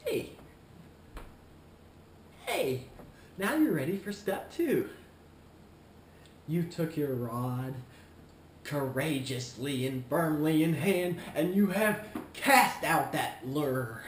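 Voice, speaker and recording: Comedic smug shoe clerk, played by a man, drawling slowly and talking down to everyone. Recorded with room echo. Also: high voice, huge pitch swings, slight background noise, heavily acted. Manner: slow, deliberate, condescending, smug. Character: smug, self-important male shoe store clerk. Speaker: shoe store employee character. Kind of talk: comedic vlog monologue. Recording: roomy echo, faint ambience.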